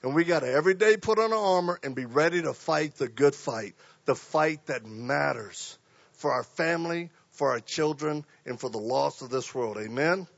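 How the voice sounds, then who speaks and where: A man preaching a sermon, telling stories and acting out voices, swinging from quiet to loud. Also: fairly high pitch, expressive, moderate pace, vocal fry, dry recording, lo-fi sound.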